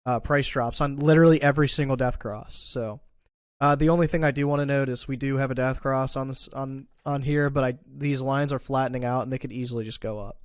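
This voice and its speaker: A man's voice: medium pitch, fairly even intonation, brisk, smooth, no echo. A man streaming live market analysis, thinking aloud in a casual way with fillers and restarts, and a bout of hiccups. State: has the hiccups. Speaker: crypto trading streamer.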